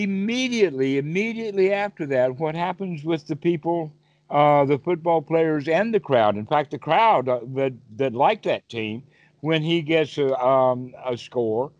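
A man's voice: on the high side, a little mellow, dry recording, highs cut off. A man teaching meditation over a call, asking his listener questions and giving vivid everyday examples. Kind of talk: Dhamma talk on a call.

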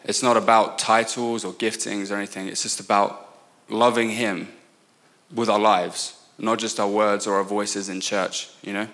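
A man in his twenties with an English accent, preaching as a guest speaker, earnest and prone to quick asides and restarts. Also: on the low side, flat delivery, a bit bright. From England. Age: 20s. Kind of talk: sermon.

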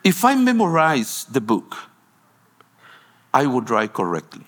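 A man's voice: mid-range voice, wildly swooping pitch, measured pace, a bit bright. A man from Guatemala, a pastor preaching a sermon in a storytelling way, with broken phrasing and frequent restarts.

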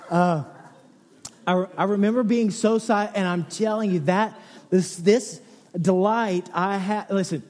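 A man in his thirties preaching a sermon, telling a personal story with a lively, animated delivery that swings between hushed, low passages and excited near-shouts. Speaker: pastor. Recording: long hall reverb.

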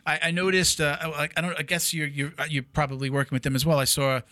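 A man's voice: on the high side, little pitch movement, fast talker, pushed and bright, dry recording, clean studio sound. A man hosting a podcast in casual chat, talking loosely with lots of restarts and fillers. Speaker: podcast host.

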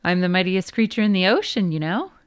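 A woman voicing a huge, vain male whale with a booming, self-important manner in a storybook reading. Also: expressive, brisk, clean tone, no echo, studio quality, natural voice. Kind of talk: storybook read-aloud.

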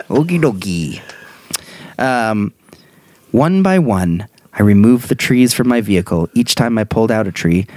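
A man's voice: low-pitched, a little mellow, no room sound. A young man casually reading a funny dream story aloud, laughing often and breaking into banter. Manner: laughs often, puts on silly voices in quotes.

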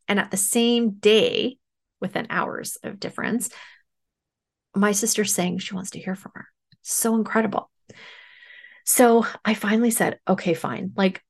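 A woman podcast host and medium telling a personal story in a casual, animated way, acting out the dialogue. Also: medium pitch, creaky. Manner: animated retelling with acted-out dialogue.

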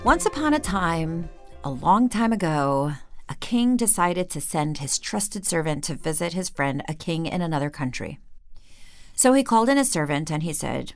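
A woman host telling a story in an animated, expressive way. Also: low voice, moderate pace, no echo, soft background music.

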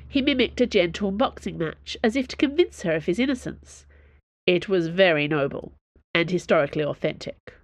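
A woman reads an audiobook in a measured, expressive manner. Her voice sits a little low and the recording is close and dry. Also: no room sound. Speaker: narrator. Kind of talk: audiobook narration.

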